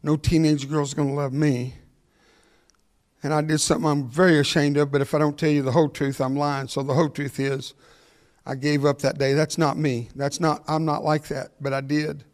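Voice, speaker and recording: An older man speaking in a fairly high voice, spinning a funny personal story for a crowd. He talks quickly, jokes often and laughs at his own lines. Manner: animated, jokey, laughs at his own punchlines; talks fast. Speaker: motivational speaker. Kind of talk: humorous storytelling talk.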